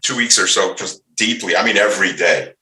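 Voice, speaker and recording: An outspoken older man rambles through stories, restarting his sentences as he goes. His low voice is bright and forceful. The sound carries a roomy echo. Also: fairly quick. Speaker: interview guest, bass player. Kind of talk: casual interview storytelling.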